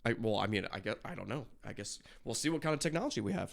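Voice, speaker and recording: A man's voice: on the low side, animated, fast, vocal fry, background noise. A man reacting to a video, chatting casually with lots of fillers, swearing and restarts. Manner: rambling, swears often, frequent fillers.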